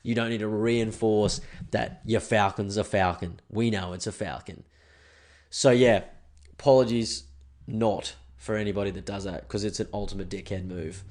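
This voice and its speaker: A man's voice: fairly low pitch, fairly even intonation, moderate pace, darkish tone. A young Australian man hosting a podcast alone, ranting casually and swearing. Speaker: podcast host. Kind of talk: solo podcast rant.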